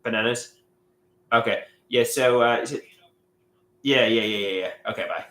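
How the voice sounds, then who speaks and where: A man's voice: medium pitch, moderate pace, fairly bright tone. A man rambling in a live stream monologue from home, stammering and repeating his words as he mutters to himself. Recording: echoey room.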